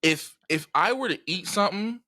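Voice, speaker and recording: A man in his twenties telling a story in casual podcast chat, animated and profane as he acts out the people he quotes. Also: high voice, moderate pace. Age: 20s. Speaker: podcast co-host.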